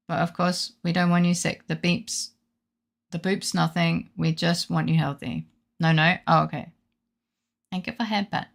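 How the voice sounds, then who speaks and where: A woman's voice: on the low side, gravelly. A woman streaming a game while sick with a fever, chatting playfully with her viewers and swearing freely. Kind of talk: casual let's-play commentary.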